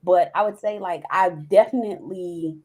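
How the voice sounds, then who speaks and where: A woman's voice: on the low side, moderate pace, a little mellow. A woman speaking as a podcast guest in a casual, open interview, acting out past conversations as she talks. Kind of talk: casual candid interview talk.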